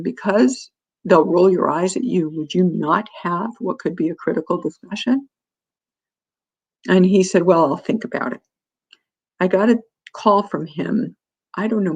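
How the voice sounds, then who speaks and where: Woman teaching a parent workshop, husky gravelly voice, earnest, tells stories. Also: fairly low pitch, darkish tone, low-quality recording. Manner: earnest, recounts stories with quoted dialogue. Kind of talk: lecture to parents.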